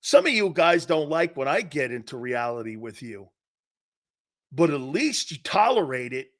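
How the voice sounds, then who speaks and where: Middle-aged guy sports radio host, high lively voice, bright and punchy, loud rant. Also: moderate pace. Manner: loud, mocking, puts on voices and laughs often. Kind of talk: animated sports talk rant.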